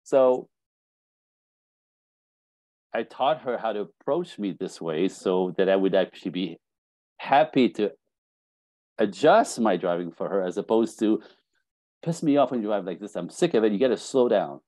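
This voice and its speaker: A middle-aged man, a dating coach, telling lively stories on a podcast and acting out bits of dialogue. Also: lowish voice, moderate pace, pauses often, no echo. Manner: animated storytelling, acting out dialogue. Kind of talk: casual podcast conversation.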